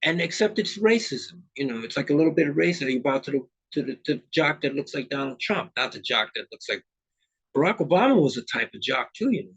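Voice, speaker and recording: Man guest, husky, very lively pitch, emphatic, slips into character voices. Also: fast, dull audio. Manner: animated, acts out characters mid-talk; emphatic, street-style talk. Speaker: musician guest. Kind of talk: casual interview chat.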